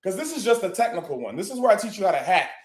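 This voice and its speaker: This live online session's host is a rapid-fire man with a high, sing-song voice, heard in an echoey room. His brash motivational talk is boastful and blunt, full of frequent swearing and broken up by laughing and shouting outbursts.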